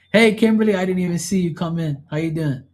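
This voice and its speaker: A man reading tarot on a live stream, telling blunt, profane stories in casual chat and mocking the people he quotes. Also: fairly high pitch. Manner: animated, mocking quoted voices.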